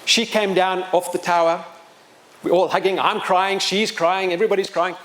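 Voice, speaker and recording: A middle-aged man with a somewhat high speaking voice tells a story to a live audience. He is animated and pokes fun at himself, and his loudness swings widely. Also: moderate pace. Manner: animated, self-mocking humor, wide swings in loudness.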